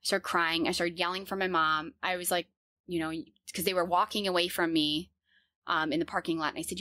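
A woman in her thirties telling a personal story in an earnest, halting way, with many fillers and restarts. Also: lowish voice, fairly even intonation, pushed and bright, no echo.

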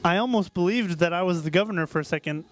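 A man's voice: high-pitched, fast, faint music behind. A man hosting a camp video, playfully interviewing children with teasing, mock-serious questions. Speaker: camp video host asking kids questions. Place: at a summer camp.

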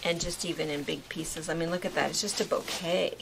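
A woman's voice: low-pitched, steady tone, fairly quick, vocal fry, background noise. A woman presenting quilting fabrics in a casual video, explaining and sharing sewing tips. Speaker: quilt shop co-host. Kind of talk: casual product showcase.

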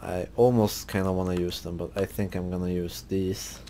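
A man hosting a gaming video, relaxed and thinking aloud as he browses car parts in casual commentary. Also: low-pitched, moderate pace, a little hiss or hum. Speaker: gaming channel host.

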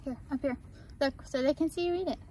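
A woman's voice: high voice, fast talker, mellow. A woman chatting casually for a farm vlog and coaxing her animals outdoors. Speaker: farm vlogger. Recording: faint background noise outdoors. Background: farm animals and outdoor ambience.

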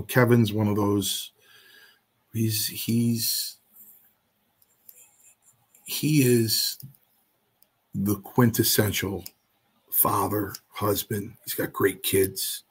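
A man's voice: fairly low pitch, steady tone, slow, long pauses, slightly rough. A man guest in an interview, telling a story in a casual way and acting out the other voices in his quotes.

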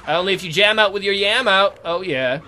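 A man's voice: high-pitched, a little fast, pushed and bright. A man hosting a let's play, giving casual, jokey commentary and reacting aloud to the game.

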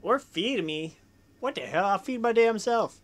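Excitable let's play commentary, swearing at the game, lively pitch, faint noise behind. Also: unhurried. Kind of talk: live gaming commentary.

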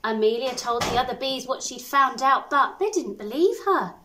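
Animated teacher reading a picture book. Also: female voice, sits high, normal speed, a little hiss or hum, rough recording. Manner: animated, expressive storytelling with asides. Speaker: primary school teacher.

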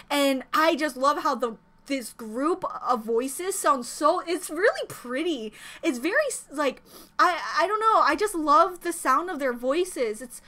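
High, bright, gushing woman reacting. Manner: gushing, exclamatory, rambling and emotional. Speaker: K-pop reaction youtuber. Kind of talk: excited music video reaction.

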